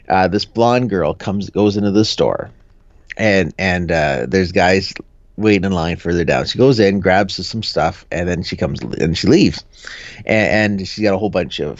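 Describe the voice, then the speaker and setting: A man's voice: low voice, no echo. Guy on a podcast telling stories, lots of uh and restarts, kinda muffled dry audio. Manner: rambling, jokey, lots of fillers and restarts. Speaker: podcast co-host. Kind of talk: casual storytelling chat. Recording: dull, dry lo-fi sound.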